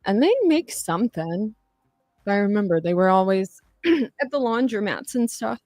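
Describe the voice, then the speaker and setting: A woman's voice: medium pitch, lively intonation, moderate pace, darkish tone, no room sound. A young adult woman chatting casually on a livestream, rambling, swearing and laughing as she talks. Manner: rambling, profane, laughing often. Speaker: livestream host.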